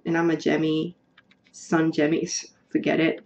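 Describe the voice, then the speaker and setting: A woman's voice: low-pitched, monotone, moderate pace, gravelly, darkish tone, rough recording. Earnest woman. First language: Spanish. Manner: earnest, emotional, repeats herself, searches for words. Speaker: tarot reader. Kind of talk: casual tarot reading to viewers.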